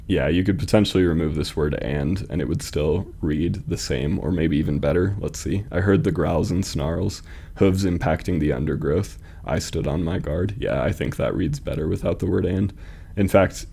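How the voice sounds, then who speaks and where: A man casually critiquing submitted poems, thinking aloud with fillers and restarts and reading verse lines slowly to test their stresses. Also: deep voice, creaky, mellow. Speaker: host reviewing fan poetry submissions.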